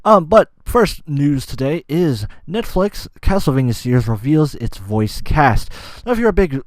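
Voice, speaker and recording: A man's voice: mid-range voice, no echo. Guy rambling on his gaming podcast, swears a ton, loses his place, dry close mic. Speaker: podcast host. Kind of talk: casual solo gaming podcast.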